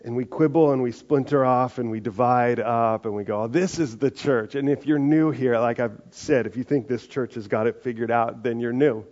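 A man preaching a sermon in a conversational way, slowing down for emphasis and adding lively asides. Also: medium pitch. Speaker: pastor. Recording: muffled live sermon audio.

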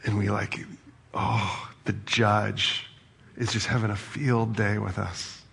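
A man's voice: lowish voice, level tone, slow pace, creaky, a bit bright, husky. A man preaching a sermon as a pastor, talking in a conversational way and asking the audience questions.

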